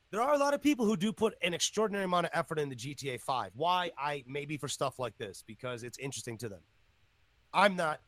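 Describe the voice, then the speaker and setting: A man hosting a casual podcast, excitable and profane, jumping between topics. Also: medium pitch, no room sound. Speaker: podcast host.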